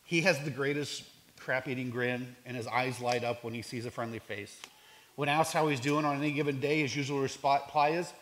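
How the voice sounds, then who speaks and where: A man's voice: medium pitch, fairly even intonation, fairly quick, fairly bright tone. A man who works in homeless outreach, telling stories about the people he serves in an earnest, reflective way, with some restarts. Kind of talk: storytelling talk.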